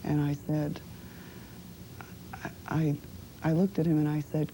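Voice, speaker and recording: Low, gravelly woman recalling her past. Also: flat delivery, warm tone, a little hiss or hum, poor audio. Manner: halting, reflective, with many fillers. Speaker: interviewee. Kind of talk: personal testimony.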